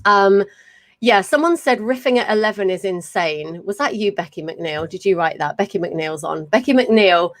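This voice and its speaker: An English woman in her thirties hosts a casual live podcast chat. She talks in a chatty, effusive way and piles one story onto the next. Her voice sits at an ordinary middle pitch for a woman. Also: expressive, normal speed. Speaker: podcast host.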